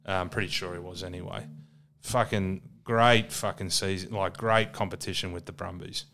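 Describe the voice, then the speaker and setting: A man's voice: low-pitched, fairly even intonation, normal speed, sharp tone, a little hiss or hum. Sweary Australian man talking footy. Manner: blunt, sweary, laid-back. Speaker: podcast co-host. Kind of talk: casual sports chat.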